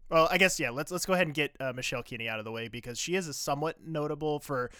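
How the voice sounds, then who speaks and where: A man's voice: a little high, very fast, bright, forceful tone, clear, resonant tone, no echo, studio quality. A man co-hosting a podcast in casual chat, talking in a chatty way full of "like" and laughing often. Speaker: podcast co-host.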